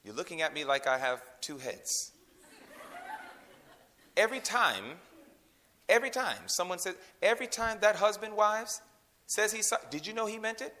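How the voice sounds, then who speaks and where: A man preaching a sermon, quizzing his congregation with call-and-response questions and swinging from loud emphasis to hushed delivery. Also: high voice, animated, normal speed, pauses often, a little hiss or hum. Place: in a room with a congregation.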